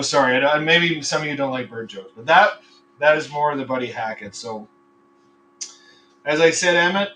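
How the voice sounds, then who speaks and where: A man's voice: medium pitch, pushed and bright, recorded from a distance, a little hiss or hum, poor audio. A man hosting a casual live podcast, rambling between topics, swearing freely and telling crude jokes. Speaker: podcast host. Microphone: computer microphone.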